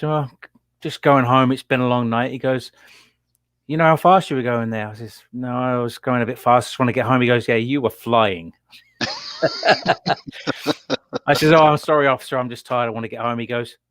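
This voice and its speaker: A man from England co-hosting a casual chat show, telling an animated story. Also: medium pitch, moderate pace, pauses often, dry recording. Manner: animated storytelling, laughs at his own tale. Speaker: podcast co-host.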